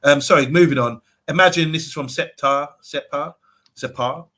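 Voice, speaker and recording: A man's voice: a little high, a little fast, sharp tone. A man co-hosting a casual livestream, reading out viewer comments and joking along with the others. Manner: reads out viewer comments, jokey, laughs often. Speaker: co-host.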